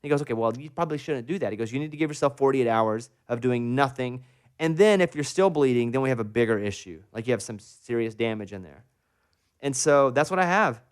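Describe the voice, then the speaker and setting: A man hosting a morning radio show, telling a long personal story in an animated, self-mocking way. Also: medium pitch, brisk, clear, resonant tone. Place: radio studio.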